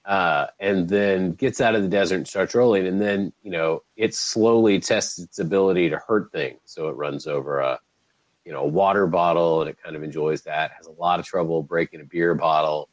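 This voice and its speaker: A man hosting a casual podcast chat, animated and swearing freely, laughing often. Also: low-pitched, moderate pace, dry recording, muffled recording. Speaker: podcast host.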